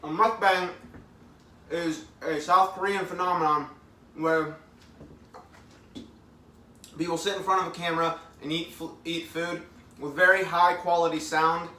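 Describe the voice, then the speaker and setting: A man in his thirties hosts a casual live eating stream from home, chatting upbeat with viewers, reading their comments aloud, and talking with his mouth full. His voice is fairly high-pitched with a sharp tone. The mic sits at a distance in an echoey room.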